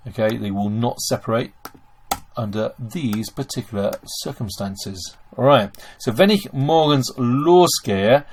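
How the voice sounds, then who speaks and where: A man's voice: mid-range voice, a little slow, a little mellow, slight background noise. Man teaching German grammar, typing. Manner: explains step by step, addresses "ladies and gents". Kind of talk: screen-recorded language lesson.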